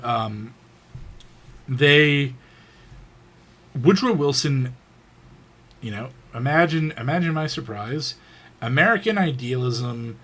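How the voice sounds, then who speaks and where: A man's voice: mid-range voice, a bit bright. A man giving a casual, unscripted history lecture, rambling with frequent fillers and restarts.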